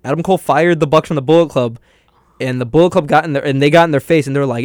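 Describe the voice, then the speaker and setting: A man's voice: on the high side, very fast, no room sound, studio quality. A young man co-hosting a casual wrestling podcast, telling stories with lots of laughs and quoted lines. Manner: excitable storyteller, laughs often, quotes wrestlers. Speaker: podcast co-host.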